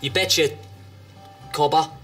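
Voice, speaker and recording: A man's voice: fairly high pitch, steady tone, unhurried, sharp tone, soft background music. A young man playing a teenage lad who fakes a broad Australian accent, giving short, blunt, bluffing answers. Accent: put-on Australian.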